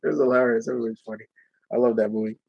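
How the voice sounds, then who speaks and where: A man's voice: medium pitch, little pitch movement, rapid-fire, vocal fry, breathy edge, muffled recording. A man hosting a live Q&A stream, answering viewer questions in a rambling, casual way and laughing as he retells movie scenes.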